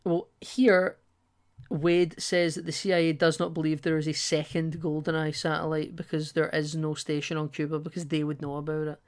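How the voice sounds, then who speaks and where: A woman co-hosting a podcast, casually recapping a film scene by scene and slipping into quick quoted asides. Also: deep voice, flat delivery, a little mellow. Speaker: podcast co-host.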